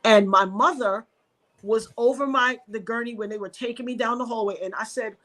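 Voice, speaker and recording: A woman from New York, a podcast guest, telling an emotional personal story and acting out the voices of the people in it. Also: a little fast. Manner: animated, reenacts dialogue with sharp pitch jumps.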